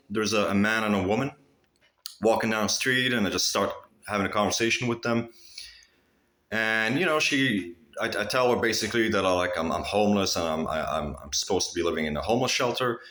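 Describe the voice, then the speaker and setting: A man's voice: lowish voice, reverberant. A man talking straight to his viewers in a rambling, profane monologue, restarting his sentences often. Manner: rambling, profane, with frequent restarts and animated swings. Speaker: vlogger. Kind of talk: casual monologue to camera.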